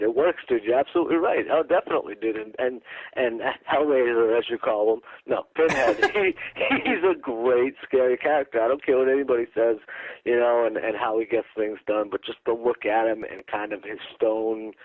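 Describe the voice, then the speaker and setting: A man's voice: medium pitch, no echo. Easygoing man on a tinny line. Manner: easygoing, says "dude" often. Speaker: podcast co-host. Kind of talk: casual chat. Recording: tinny phone-like sound.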